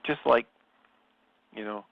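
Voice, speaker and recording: A man leading a spiritual study, reading passages and reflecting on them in a slow, measured and thoughtful way. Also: no echo. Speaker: study group leader. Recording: slightly dull, lo-fi sound.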